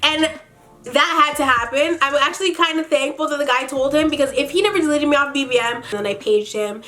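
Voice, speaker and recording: Young woman vlogger, higher voice, blunt and sassy storyteller, swears freely, laughs often. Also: a little fast, pushed and bright, soft background music. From Canada. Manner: laughs often, big swings in pitch. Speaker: beauty vlogger. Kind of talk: casual storytime.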